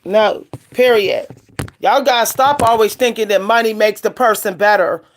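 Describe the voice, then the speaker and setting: A woman's voice: medium pitch, moderate pace, background noise. A middle-aged woman vlogging a casual rant to camera, emphatic and repetitive, hammering her points with short punchy refrains.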